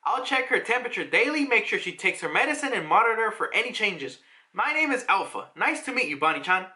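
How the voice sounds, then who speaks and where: A man playing a young female nurse-agent from a manga, sweetly formal and quietly menacing. Her voice sits high and bright, and the line readings move up and down a lot. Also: sing-song, quick pace, full character voice. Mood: polite.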